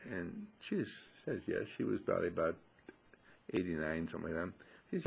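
Gravelly husky man telling a story. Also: low voice, very animated, brisk. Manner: folksy anecdotal storytelling with quoted dialogue. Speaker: radio host and healing teacher. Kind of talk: storytelling radio talk.

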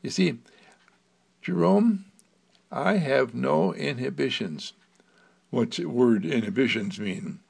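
A man voicing a cheerful, uninhibited ten-year-old girl in a children's story, in a lively sing-song childlike manner. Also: mid-range voice, slow pace, vocal fry, pauses often, slightly rough, heavily acted. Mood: earnest.

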